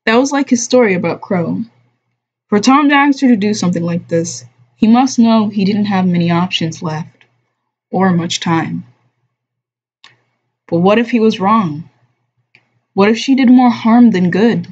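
Slow, husky woman reading aloud. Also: medium pitch. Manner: slow, measured reading, softly voicing the dialogue. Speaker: streamer reading a novel aloud. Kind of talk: unhurried audiobook-style reading. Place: home streaming room. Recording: dull lo-fi stream audio.

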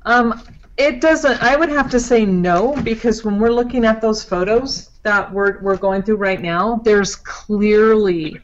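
A woman explaining crime scene photos in a casual live discussion, talking quickly and correcting herself. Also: mid-range voice, highs cut off. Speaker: guest analyst.

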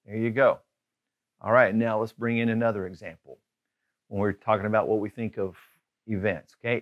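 A man tutoring a grammar lesson, upbeat and casual, slowing down to stress each example phrase. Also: lowish voice, muffled recording. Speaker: Spanish language tutor.

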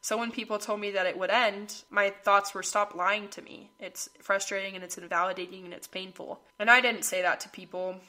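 A woman's voice: mid-range voice, steady tone, brisk, hardly any pauses, sharp tone. A young woman hosting a podcast, talking earnestly about hard times and reading aloud from her old journal entries. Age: young adult. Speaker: podcast host. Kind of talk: personal reflective monologue.

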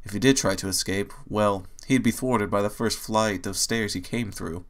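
A man reading fan fiction aloud as a narrator, in steady storytelling. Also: fairly low pitch, moderate pace. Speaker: audiobook reader.

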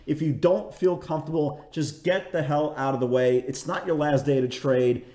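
A man's voice: fairly high pitch, normal speed, dark tone, reverberant. A man giving a market recap as a trading educator, chatty and full of restarts, often tagging lines with "right?". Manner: chatty, repeats "right?" and "again"; self-correcting restarts.

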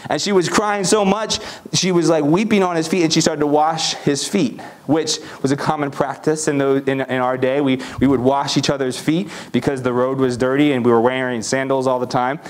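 A man's voice: mid-range voice, fairly even intonation, moderate pace, natural voice. A man playing the disciple Andrew in a first-person sermon, telling the story in a chatty way with fillers.

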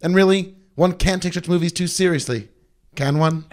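A man's voice: sits high, normal speed, lightly acted. A man reading a review aloud in the voice of a pompous, stuffy middle-aged father. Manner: stuffy, overly formal reading.

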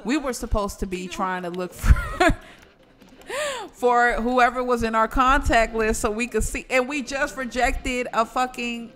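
Animated, cursing woman streamer with bright voice. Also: fairly high pitch, measured pace. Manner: animated, swearing, talks back at the game characters. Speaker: gaming streamer. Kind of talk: casual gameplay commentary.

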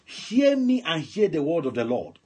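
A man preaching on a prayer line, swinging from soft murmurs to shouted commands and speaking in tongues. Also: a little high, huge pitch swings, moderate pace, husky. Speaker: pastor. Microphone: phone line broadcast.

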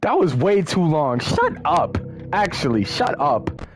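A young man giving casual, excitable commentary while playing a horror game, muttering one moment and yelling the next. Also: on the high side, measured pace, slight background noise. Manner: excitable, swings from muttering to yelling at jump scares. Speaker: gaming streamer.

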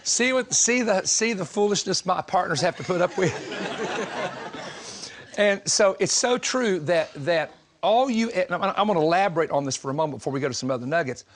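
A man from the southern United States preaching a sermon, telling stories in an animated, joking way and laughing often. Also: high-pitched, normal speed. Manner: animated, humorous storytelling with frequent laughter.

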